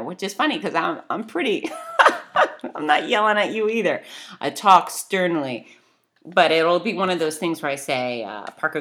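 Middle-aged woman, pushy motivational pep talk, low voice but bright and punchy. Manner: emphatic, blunt and urging. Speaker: motivational speaker.

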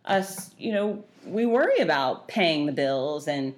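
A woman's voice: deep voice, very animated, a little slow. A middle-aged woman hosting her own podcast, talking chattily and bluntly, ranting with feeling. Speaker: podcast host. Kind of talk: casual solo podcast monologue.

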